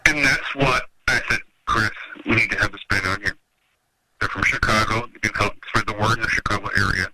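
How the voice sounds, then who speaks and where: A man's voice: steady tone, a little fast. A man organizing a metal festival, telling long rambling stories in a casual interview and acting out what people said. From Minnesota, USA. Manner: rambling storyteller, acts out quotes in a higher voice. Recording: noisy radio interview audio.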